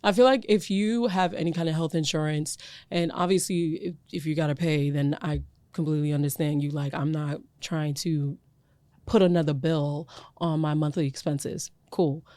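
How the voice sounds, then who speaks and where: Animated woman podcast co-host, dry sound. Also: low voice, moderate pace, no echo. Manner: animated, emphatic and repetitive, laughs often. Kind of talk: casual chat.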